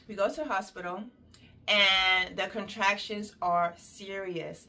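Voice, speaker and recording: A young woman tells a personal story in a casual, chatty way, full of detail. She slips into animated quoted voices, her pitch leaping dramatically.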